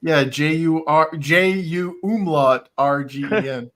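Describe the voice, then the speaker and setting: A man's voice: on the high side, slow, a bit bright. A man co-hosting a casual movie podcast, giggly, joking and crude. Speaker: podcast co-host.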